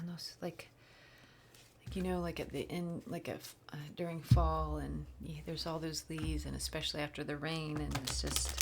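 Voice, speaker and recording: A woman giving a casual spiritual card reading, rambling and soft-spoken, sometimes slipping into whispers. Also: low voice, gravelly, heavy background noise. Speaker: spiritual reader. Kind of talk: casual channeled tarot reading.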